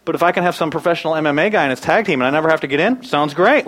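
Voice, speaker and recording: A man in his thirties preaching a sermon, animated, swinging from loud bursts to hushed asides. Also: a little high, rapid-fire, few pauses, rough recording. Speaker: pastor.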